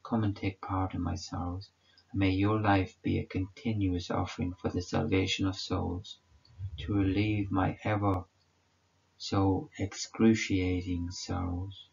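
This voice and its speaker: A man voicing a suffering man of sorrows who speaks in a hushed, measured way. The voice is very deep and gravelly, the delivery slow, and it is heard through a dull lo-fi recording. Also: level tone, heavily acted. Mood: sorrowful.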